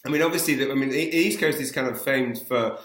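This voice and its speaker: A man's voice: mid-range voice, fast talker, a bit bright. Chatty English man in a roomy space. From England. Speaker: host. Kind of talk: casual interview chat. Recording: roomy echo.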